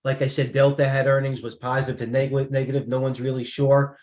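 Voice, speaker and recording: A man's voice: mid-range voice, flat delivery, a little fast, a little mellow, echoey room. A man trading live, talking through his positions in a rambling way, restarting his sentences and thinking aloud. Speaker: trader.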